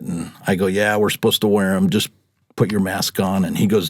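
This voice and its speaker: A chatty man in his fifties with a fairly low voice tells stories in a casual, laughing way. He acts out what people said, and the sound is dry and close. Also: moderate pace, creaky, pauses often, fairly bright tone, slightly rough, dry recording. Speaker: podcast guest, rideshare driver. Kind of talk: casual storytelling.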